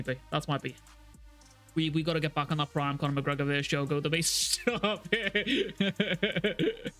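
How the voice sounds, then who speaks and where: A young man live streaming, reacting to chat messages with excitable, heavily profane talk. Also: on the high side.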